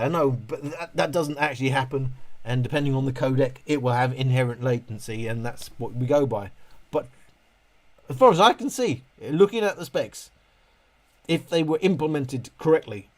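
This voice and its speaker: A man's voice: mid-range voice, brisk. A man hosting a casual live stream, reading chat questions aloud and ranting with frequent laughs. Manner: animated, ranting, laughs often. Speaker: livestream host answering chat questions.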